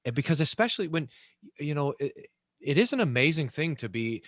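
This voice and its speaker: A man, a pastor, hosting a long-form interview, speaking with enthusiasm and many halting restarts. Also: on the high side, big pitch swings, a bit bright. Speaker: pastor and host.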